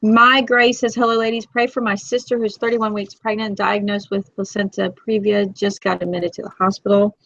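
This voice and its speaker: A woman in her forties hosting a casual live chat, talkative and emotional, quick to tear up. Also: medium pitch, little pitch movement, creaky, a bit bright, no echo. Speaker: host. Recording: dull, lo-fi, dry.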